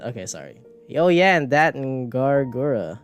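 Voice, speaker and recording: Mid-range and sing-song, this man's voice moves at a moderate pace. He's a streamer and animator making casual talk while he draws, wandering off topic, teasing himself, and swearing and laughing often, with soft background music.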